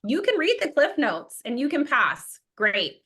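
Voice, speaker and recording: Emphatic bright-voiced woman instructor. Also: sits high, sing-song, a little slow. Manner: emphatic, acts out quoted self-talk. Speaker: exam prep instructor. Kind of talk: motivational class talk.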